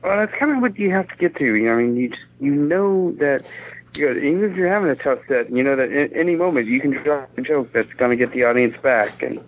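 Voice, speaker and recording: A man who is a comedian guest in a casual chat. He is a little hoarse from coughing and tells stories dryly. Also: medium pitch, expressive, fast talker. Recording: tinny phone-like sound.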